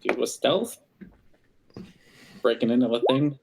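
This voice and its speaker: A man's voice: medium pitch, expressive, measured pace, vocal fry, slightly rough, poor audio. A man running a tabletop game as game master, talking in a hesitant, loose way.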